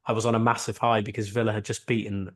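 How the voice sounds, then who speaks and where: A man's voice: on the low side, little pitch movement, fast. A man in his thirties co-hosting a casual podcast, teasing his friend in friendly banter and laughing easily. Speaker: podcast co-host.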